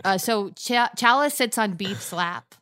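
A woman joins a tabletop game as a player, playful and quick to giggle. Her voice is bright and lively in pitch. It sounds dry and close to the mic. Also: no room sound, faint music behind. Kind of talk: tabletop role-play.

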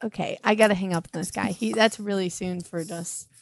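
A woman's voice: medium pitch, steady tone, a little fast, vocal fry, no room sound. A young woman hosting a comedy podcast, indignant and laughing, saying "like" a lot. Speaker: podcast host.

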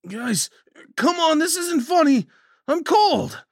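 A man voicing Daniel, an eerie young man pleading in a flat, toneless way from outside a door in a horror audio story. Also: very high-pitched, takes it slowly, no room sound, studio quality, pitched above the performer's own voice, exaggerated voice.

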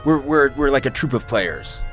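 A man's voice: mid-range voice, sing-song, normal speed, fairly bright tone, faint music behind. A man role-playing in a tabletop game, rambling and hesitant. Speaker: player. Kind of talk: in-character tabletop play.

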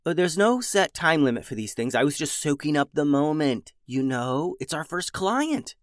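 A man voicing an eager, excitable young woman who runs an adventuring business in a children's story, talking in a bubbly, gushing way. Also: on the high side, normal speed, no echo, studio quality, pitched above the performer's own voice.

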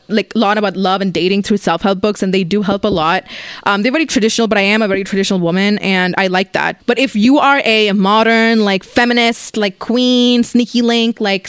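A woman in her twenties hosting a casual solo podcast from her apartment, talking bluntly and profanely with animated storytelling. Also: mid-range voice, clear, resonant tone, no room sound, studio quality. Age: 20s. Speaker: podcast host.

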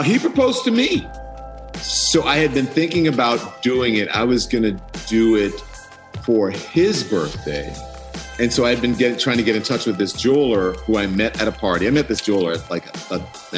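A middle-aged man tells a story in a casual interview, voice dropping low and then leaping up as he plays out each exchange. His pitch is lively and sits on the lower side. Faint music runs quietly underneath. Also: moderate pace. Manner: animated, acts out quotes with big pitch jumps. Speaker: interview guest.

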